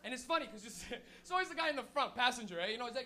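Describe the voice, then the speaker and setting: A man's voice: very high-pitched, lively intonation, rapid-fire, hardly any pauses, bright, forceful tone, a faint crowd. A male stand-up comic from Toronto, working a room with a loose, profane set, laughing as he acts out stoner voices. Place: comedy room with a laughing crowd.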